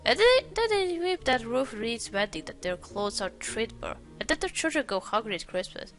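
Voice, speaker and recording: A woman's voice: on the high side, very animated, moderate pace. A woman voicing a grasping, self-pitying male pawnbroker in a detective game, reading his lines aloud. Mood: indignant. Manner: read aloud from on-screen text.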